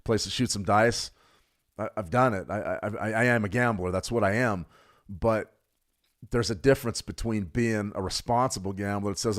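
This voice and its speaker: A man's voice: lowish voice, normal speed. A middle-aged man coaching traders in a live workshop, blunt and emphatic, repeating points for stress. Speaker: trading coach.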